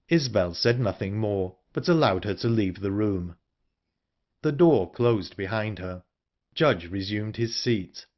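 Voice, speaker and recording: A man narrating a horror novel audiobook in an expressive storytelling manner. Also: fairly low pitch, unhurried, highs cut off. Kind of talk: scripted narration.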